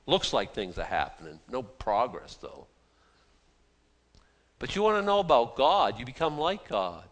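A man's voice: mid-range voice, huge pitch swings, a little slow. A male pastor preaching a sermon in a conversational, self-deprecating way, often restarting his sentences.

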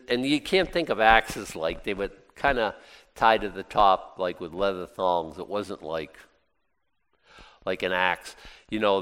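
A man preaching in a low voice, loose and folksy, drifting into asides before finding his point again. The sound carries a long hall reverb behind it. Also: fairly bright tone. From United States. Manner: folksy, rambling, self-interrupting with asides. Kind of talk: conversational sermon.

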